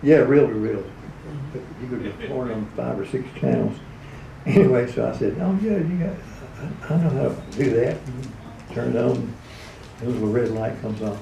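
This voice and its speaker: A gravelly-voiced man spins folksy, chuckling stories, dropping into quick character voices along the way. He's heard from a distance in an echoey hall, with room noise humming behind him. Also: medium pitch, mellow. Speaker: radio personality telling stories. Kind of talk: anecdotal storytelling at a live event. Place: event hall. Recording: echoey room, recorded from far off.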